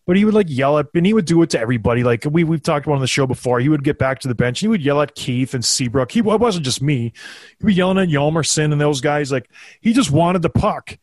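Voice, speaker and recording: A man's voice: a little high, fast talker, no room sound. A man in his thirties, a former hockey player co-hosting a talk show, telling stories casually and acting out quotes in a raised voice. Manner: animated, acts out quotes in a raised voice. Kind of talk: casual storytelling chat.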